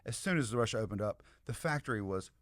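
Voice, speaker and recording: An American man and podcast guest telling an animated, rambling story in casual chat, with many asides to the listeners. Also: fairly low pitch, fast, no echo, clean studio sound. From United States.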